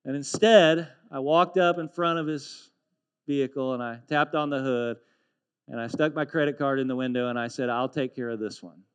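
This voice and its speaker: A man preaching from the pulpit, warming his congregation with a story before pressing his point. His voice sits in a middle register, earnest and lively in its storytelling. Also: mid-range voice, moderate pace, clean tone. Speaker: pastor. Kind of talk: sermon.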